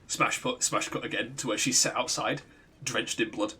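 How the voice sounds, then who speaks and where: A man's voice: mid-range voice, fairly even intonation, normal speed, pushed and bright, slight background noise. A man streaming a game, rambling through a retold story, swearing and laughing often. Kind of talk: casual chat while gaming.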